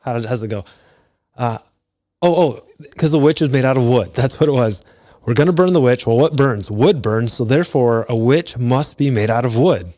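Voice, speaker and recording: A man's voice: mellow, no room sound. Chatty man, dry close sound. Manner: conversational, retells scenes with quick pitch jumps. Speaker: podcast host. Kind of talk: casual solo talk.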